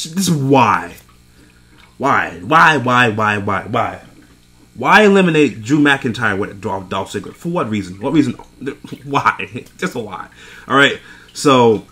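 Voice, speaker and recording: A man's voice: mid-range voice, bright, forceful tone. A young man recapping a wrestling event in a casual, profane rant, exasperated and laughing between points. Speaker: wrestling show reviewer.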